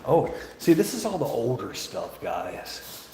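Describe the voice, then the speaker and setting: A man's voice: medium pitch, big pitch swings, slow, vocal fry, mellow, slight background noise. A man, chatting and joking as he vlogs his walk through a museum on a handheld phone. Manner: chatty, joking, rambling, laughs often. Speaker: vlogger. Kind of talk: casual vlog walkthrough. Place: indoor museum halls. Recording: echoey museum rooms, faint ambience.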